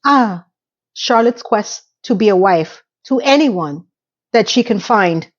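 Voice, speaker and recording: A woman's voice: mid-range voice, expressive, slow pace, highs cut off. A woman recapping a TV episode in casual, sarcastic commentary with frank asides.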